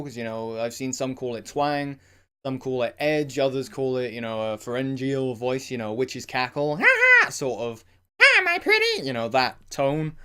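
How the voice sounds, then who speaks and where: A man's voice: medium pitch, clear, resonant tone. A man casually explaining singing technique in a rambling, conversational way, full of "you know" fillers and short sung demonstrations. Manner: breaks into short sung and shouted vocal demos. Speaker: singing vlogger.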